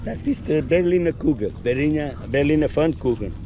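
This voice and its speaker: A man selling pastries, speaking briskly and in a businesslike way. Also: on the high side, lively intonation. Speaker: pastry vendor. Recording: distant muffled voice with street noise.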